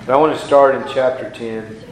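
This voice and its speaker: A man preaching a sermon as pastor, reading scripture slowly and building to emphatic appeals. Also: mid-range voice, steady tone, roomy sound, noisy background.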